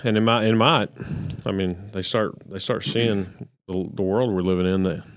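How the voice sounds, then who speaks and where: A man's voice: low voice, steady tone, moderate pace, dry recording, studio quality. A man co-hosting a podcast, easygoing and agreeable in casual chat. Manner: easygoing, agreeable, frequent backchannels. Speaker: podcast co-host.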